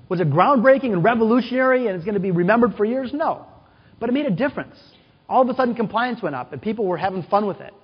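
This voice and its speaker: Animated man speaking in a conference hall. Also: high-pitched, slightly rough. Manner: animated, storytelling with quoted voices and questions to the audience. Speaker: keynote speaker. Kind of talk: conference keynote storytelling. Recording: dull, hall-echoed conference recording.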